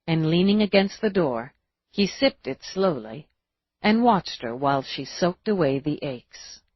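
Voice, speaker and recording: Slow, husky woman narrator. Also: low-pitched, expressive, dry recording, muffled recording. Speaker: audiobook narrator. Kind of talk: audiobook narration.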